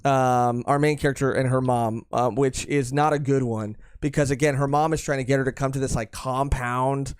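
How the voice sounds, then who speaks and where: A man's voice: medium pitch, steady tone, normal speed, hardly any pauses, clean tone, dry recording, clean studio sound. A young man co-hosting a podcast, chatting casually and jokingly with many fillers and restarts. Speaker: podcast co-host. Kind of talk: casual chat reviewing a manga.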